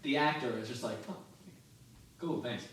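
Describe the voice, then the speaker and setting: A man co-hosting a comedy podcast, pitching a sketch in loose storytelling and laughing often. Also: normal speed, fairly bright tone, a little hiss or hum. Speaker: podcast co-host. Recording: echoey room, mic far off.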